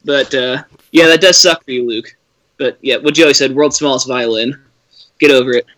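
Young dude w a bright sharp voice telling a funny story about his buddy, laughing a lot. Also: mid-range voice, normal speed. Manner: teasing storyteller, laughs often. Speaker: podcast co-host. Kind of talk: casual sports podcast chat.

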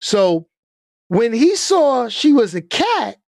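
A man gives animated live-stream commentary at an unhurried, deliberate pace. He punctuates his points with repeated checks like "okay?" and "all right?". The sound is dry and close, with no room reverb. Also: very high-pitched.

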